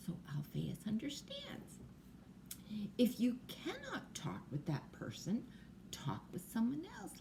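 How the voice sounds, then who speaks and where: A woman's voice: mid-range voice, slight background noise. Older woman reading a bedtime storybook. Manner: slow, gentle, explaining to small children. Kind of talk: bedtime picture-book reading.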